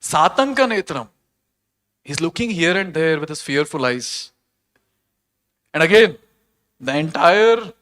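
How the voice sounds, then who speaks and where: Earnest man telling a sacred story. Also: fairly high pitch. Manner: earnest, animated, questions the audience. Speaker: temple speaker. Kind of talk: devotional storytelling lecture.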